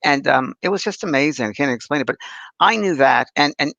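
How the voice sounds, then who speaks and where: A man in his sixties tells spiritual stories animatedly, often restarting his sentences. His voice is bright and gravelly and swings widely in pitch, recorded close and dry. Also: brisk, no room sound, dull audio. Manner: animated storyteller, acts out voices, frequent restarts. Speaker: spiritual medium, co-host. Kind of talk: casual podcast storytelling.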